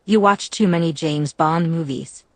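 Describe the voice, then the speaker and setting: Bubbly teasing vampire girl in an audiobook, read by a woman, low voice, dry close sound. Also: unhurried, dry recording. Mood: playful. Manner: cheerful, teasing. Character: bubbly young female vampire seer, playful.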